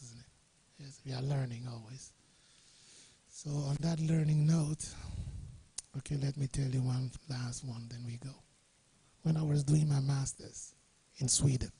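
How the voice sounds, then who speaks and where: A jovial middle-aged man from Ghana, speaking as a guest, tells anecdotes to a workshop audience and chuckles often throughout. His mid-range voice is warm and husky with vocal fry. The recording is dry, made in a studio or workshop room.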